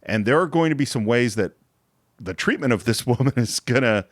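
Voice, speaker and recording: A man co-hosting a film podcast in a casual, chatty way, explaining scenes in a mid-pitched voice that moves up and down a lot. He sits close to the mic in a dry, dead room. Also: lively intonation, fairly quick, no room sound. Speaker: podcast co-host.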